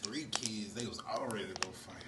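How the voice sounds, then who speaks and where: A man's voice: lowish voice, fairly quick. A man in casual comedic chat, laid-back and often laughing. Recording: echoey room with crowd noise.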